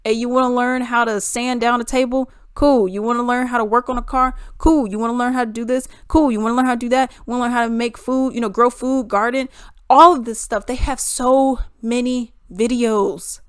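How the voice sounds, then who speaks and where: A woman's voice: fairly high pitch, steady tone, fairly quick, clear, resonant tone, no echo, studio quality. A young adult woman vlogging an opinionated monologue, emphatic and full of rhetorical questions.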